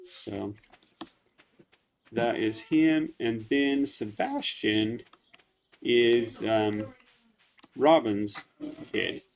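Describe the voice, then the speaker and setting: A man casually commenting on gameplay in a relaxed, chatty way, with frequent hesitations. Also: on the low side, vocal fry. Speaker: let's play host.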